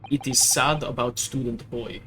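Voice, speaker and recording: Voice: medium pitch, fairly even intonation, noisy background, lightly acted. A streamer voicing a rude, burly male ship crewman with a mock Russian accent in a video game reading, using clipped broken English. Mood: haughty. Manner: gruff, clipped broken English, slow and loud.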